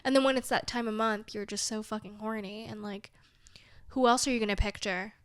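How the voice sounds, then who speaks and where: A woman's voice: medium pitch, steady tone, a little fast, clean tone, no echo. A young woman vlogging in a candid, rambling chat, full of fillers and wry self-mocking asides. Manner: rambling and candid, heavy use of "like", trailing off. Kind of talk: casual confessional vlog chat.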